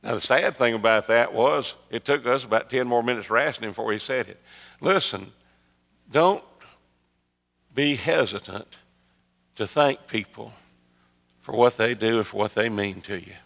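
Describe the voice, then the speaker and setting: A man preaching a sermon, telling a story that swings from loud emphatic peaks to soft hushed asides. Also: mid-range voice, moderate pace, gravelly, pauses often. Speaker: pastor. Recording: long hall reverb.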